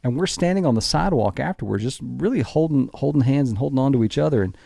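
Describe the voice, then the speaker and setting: Man, musician guest, lively storyteller who voices the people in his tales; mid-range voice, close and dry. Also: medium pitch, fast talker, vocal fry, dry recording. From Texas. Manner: animated storyteller who acts out dialogue. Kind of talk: casual storytelling interview.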